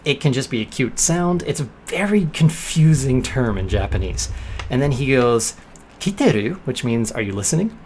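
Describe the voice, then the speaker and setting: A young man vlogging casually, telling an anecdote and acting out quoted lines with lively bursts. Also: medium pitch, moderate pace, slight background noise. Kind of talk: casual storytelling vlog.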